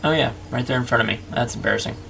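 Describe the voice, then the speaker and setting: A man's voice: mid-range voice, rapid-fire, vocal fry, bright, forceful tone, a little hiss or hum. A man hosting a let's play, chatting casually and narrating each move to the viewer. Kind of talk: casual gameplay commentary.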